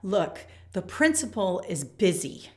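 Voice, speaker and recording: A woman's voice: on the low side, sing-song, takes it slowly, a little mellow. Direct, emphatic woman coach. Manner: direct and emphatic, reads example emails aloud. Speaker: education coach. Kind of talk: instructional talk to camera.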